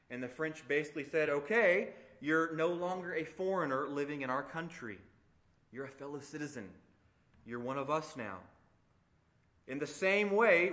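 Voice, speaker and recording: A man's voice: fairly high pitch, fairly bright tone. Emphatic man preaching a sermon. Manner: expository, emphatic, conversational preaching with rhetorical questions. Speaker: pastor.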